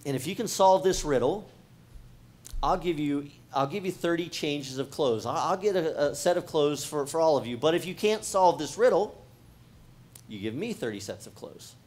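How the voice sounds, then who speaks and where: A man acting out a boastful strong young man who poses a riddle, in a quiet, lowered storytelling voice. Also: animated, normal speed, natural voice. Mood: challenging.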